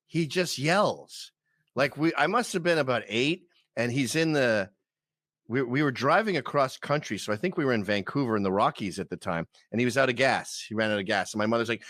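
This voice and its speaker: A man's voice: medium pitch, moderate pace, no echo. A middle-aged man with a Canadian accent, a podcast guest telling stories casually and acting out the people in them. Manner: animated, acts out quoted people in loud put-on voices. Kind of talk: casual storytelling.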